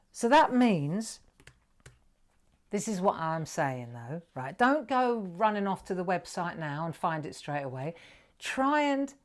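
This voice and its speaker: A middle-aged woman with a British accent hosting a live drawing tutorial, chatty and coaxing her viewers along. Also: medium pitch. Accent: British English. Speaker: craft presenter.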